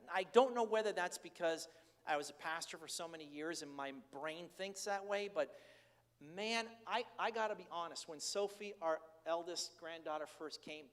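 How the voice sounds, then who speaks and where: Older male pastor, fairly high voice, candid storytelling sermon, echoing church hall. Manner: candid, chatty, animated storytelling. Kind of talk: conversational sermon. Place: church sanctuary.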